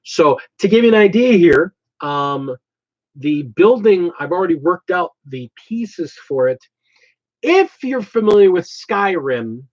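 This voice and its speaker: A man's voice: fairly high pitch, a little mellow. Man hosting a rambling hobby chat. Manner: meandering, thinks aloud while explaining plans. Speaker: hobby channel host. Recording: slightly dull lo-fi audio.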